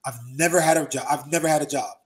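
A man in his thirties, a former pro wrestler, telling profane, lively stories as an interview guest. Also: on the high side, fast. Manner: animated storyteller, profane, acts out quotes. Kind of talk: casual storytelling interview.

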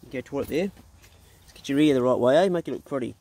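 Animated and quick, his mellow, medium-pitched voice comes through with no echo. The fortysomething New Zealander vlogs his road trip in a relaxed way, fondly addressing his dogs, recorded on a handheld camera both in his truck and beside the road.

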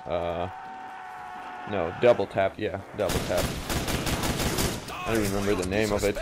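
Slow, rambling young gamer man. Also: deep voice, fairly even intonation, darkish tone, slightly rough. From Finland. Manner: rambling, jokey, unhurried. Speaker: gaming commentator. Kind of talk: casual gameplay commentary. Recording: noisy game audio behind.

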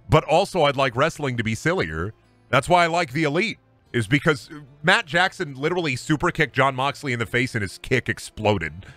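A man's voice: a little high, pushed and bright, no room sound. A man streaming a game and ranting casually about wrestling, heated, emphatic and profane. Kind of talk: casual rant while gaming on stream.

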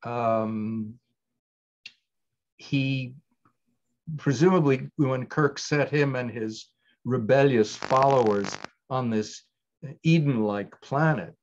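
A man's voice: mid-range voice, slow, long pauses, lo-fi sound. An older man, a writer-director, answering interview questions in a thoughtful, digressive way with frequent restarts.

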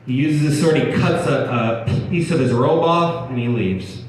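A man's voice: medium pitch, measured pace. Male preacher, conversational sermon delivery with restarts, picked up from afar with faint hum. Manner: conversational preaching with frequent restarts and repeated words. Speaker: pastor. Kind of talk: sermon reading and explaining scripture. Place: church hall. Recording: echoey room, mic at a distance, faint background hum.

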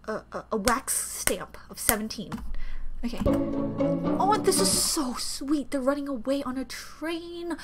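Gushing high-voiced young woman, music behind. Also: animated, measured pace. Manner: gushing, gasping, thinking aloud, drops to soft murmurs. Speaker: reaction video host. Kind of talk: casual reaction commentary.

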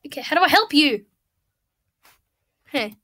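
Excitable high-voiced young woman gaming. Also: measured pace. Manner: excitable, swears freely, chatty and rambling. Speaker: gamer. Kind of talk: casual gameplay commentary. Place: home room at a computer.

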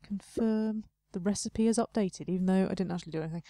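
A woman's voice: medium pitch, fast, mellow, no room sound, studio quality. Chatty woman narrating her gameplay. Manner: chatty, self-mocking, talks to herself while playing. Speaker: let's play host. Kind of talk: casual gameplay commentary.

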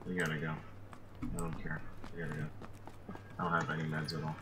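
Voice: very deep voice, level tone, a little fast. A teammate in casual game chat making terse, dry remarks. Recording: distant voice in loud noise.

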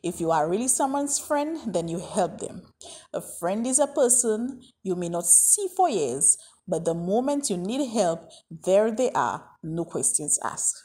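A woman's voice: medium pitch, very animated, measured pace, warm tone, husky. A woman voicing a worried father who speaks firmly and emphatically. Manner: firm, emphatic. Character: worried grown father, firm and caring.

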